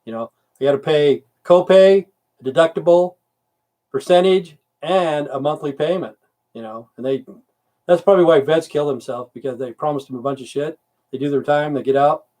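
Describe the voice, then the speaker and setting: Reading viewer comments aloud on his casual livestream, a middle-aged military veteran answers in a grumbling, rambling and profane way. His medium-pitched voice is a little mellow.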